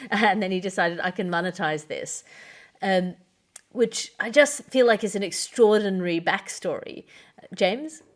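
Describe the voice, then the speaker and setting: A woman hosting a comedy news podcast, introducing stories drily and passing them to her guests. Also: fairly low pitch. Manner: dry, wry delivery, handing over to guests. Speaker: podcast host.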